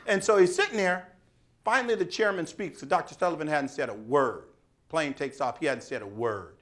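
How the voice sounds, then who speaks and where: A man giving a speech, telling a story in an animated, dramatic way. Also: fairly high pitch, fairly quick. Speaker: speaker.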